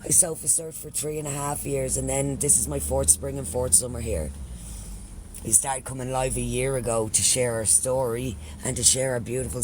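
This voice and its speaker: A man's voice: mid-range voice, darkish tone, slight background noise. Chatty Irish man on a live stream. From Ireland. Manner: chatty, swears freely, thanks followers by name. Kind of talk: casual live-stream chat.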